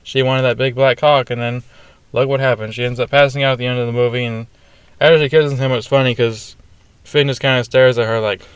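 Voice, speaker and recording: A man's voice: mid-range voice, fairly even intonation, fairly quick, clean tone, no room sound. A young man giving a casual, ranting and profane movie review, full of fillers like "like" and "you know". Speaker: film reviewer.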